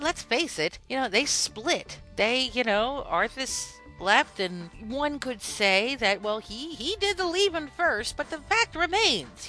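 A woman hosting a podcast, telling comic game stories in an animated, joking way. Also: medium pitch, vocal fry. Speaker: podcast host.

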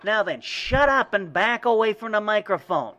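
A man doing a brash huckster pitchman. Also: animated, moderate pace, bright, forceful tone, muffled recording. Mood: pushy. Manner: brash salesman patter. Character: pushy male huckster hawking goods. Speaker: fake ad pitchman. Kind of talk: comedy sketch ad.

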